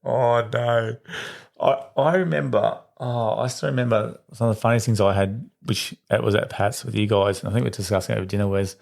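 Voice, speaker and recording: A middle-aged man with an Australian accent hosting a casual podcast chat, chatty and quick to agree. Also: fairly low pitch, steady tone, gravelly, a little mellow. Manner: chatty, quick, affirms with frequent yeahs. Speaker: podcast host, teacher.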